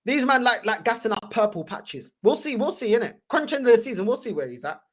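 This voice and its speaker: A woman's voice: on the high side, very animated, fast. A woman hosting a fan channel, ranting heatedly in slangy, repetitive reaction commentary.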